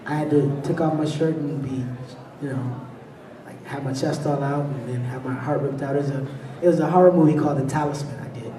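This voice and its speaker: A man on a convention panel telling stories with lively delivery, laughing often and acting out the people in his tales. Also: on the high side. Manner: animated, laughs between anecdotes, acts out voices. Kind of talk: storytelling on a fan panel. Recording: echoey hall, voice from far off.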